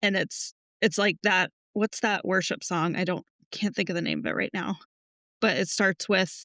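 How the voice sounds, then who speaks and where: A woman's voice: fairly low pitch, moderate pace, fairly bright tone, no room sound, studio quality. A young woman co-hosting a faith podcast, talking in a heartfelt, rambling way with lots of "like". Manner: heartfelt, rambling with many likes. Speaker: podcast co-host. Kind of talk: casual faith chat.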